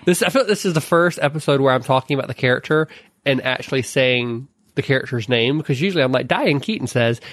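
A man's voice: mid-range voice, fast, a bit bright, dry recording. A man co-hosting a podcast in casual chat, retelling scenes at length and teasing his co-host playfully.

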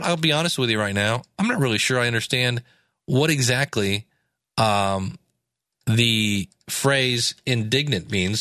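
A man's voice: medium pitch, sharp tone, no echo, clean studio sound. A man giving a casual Bible study talk, reading scripture aloud and breaking off into plain asides with fillers. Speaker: Bible teacher.

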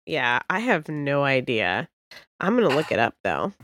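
A woman's voice: a bass voice, big pitch swings, normal speed, fairly bright tone, slight background noise. A woman co-hosting an anime podcast, chatting casually, laughing often and repeating her points for emphasis. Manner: giggly, emphatic, repeats herself. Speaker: podcast co-host. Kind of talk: casual chat.

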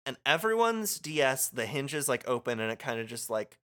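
A man's voice: medium pitch, very animated, moderate pace, a bit bright. A man co-hosting a game playthrough, chatting casually, rambling and laughing often. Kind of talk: casual chat while reading game dialogue.

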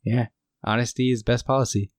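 A man's voice: medium pitch, level tone, brisk, no room sound, clean studio sound. A man co-hosting a podcast, casually recapping a TV episode and quoting its lines with frequent laughs. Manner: retells scenes with quoted lines, laughs often. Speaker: podcast co-host.

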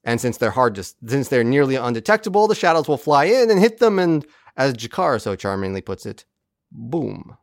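A man's voice: mid-range voice, normal speed, no room sound, studio quality. A man co-hosting a podcast, recapping an episode in casual chat and acting out the characters' lines as he goes. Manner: animated, acts out characters' lines while recapping. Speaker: podcast co-host.

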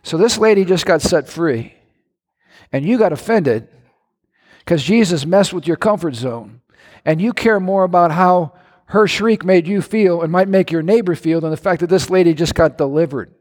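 A male pastor preaching a sermon in a church, animated and emphatic, with sudden bursts of shouting and playful mimicry. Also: high voice, moderate pace. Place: church hall. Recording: echoey church hall.

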